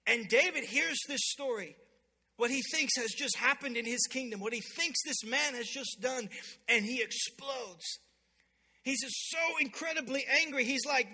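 High, bright-voiced preacher in a hall. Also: male voice, normal speed. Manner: storytelling preacher, builds to loud emphatic peaks. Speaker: pastor. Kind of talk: sermon. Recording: long hall reverb.

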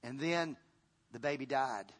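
A man preaching a sermon as a pastor. His delivery swings from loud to hushed, and he repeats words and restarts phrases as he goes. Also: mid-range voice, a little slow.

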